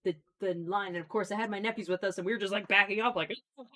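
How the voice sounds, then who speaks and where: A woman's voice: medium pitch, steady tone, rapid-fire, pushed and bright. A young woman hosting a live stream, telling stories in a chatty, casual way and swearing freely. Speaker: streamer host.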